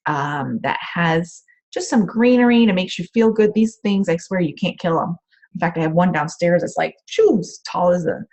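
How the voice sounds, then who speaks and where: A woman coach giving casual, rambling advice on a group call from her home office, with frequent "um" fillers. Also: fairly low pitch. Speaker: empath coach.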